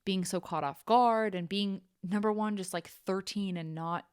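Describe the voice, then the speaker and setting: A woman's voice: medium pitch, a little slow, smooth, no room sound, clean studio sound. A young adult woman hosting a podcast, telling a personal story frankly and bluntly, swearing casually and saying "like" often. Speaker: podcast host.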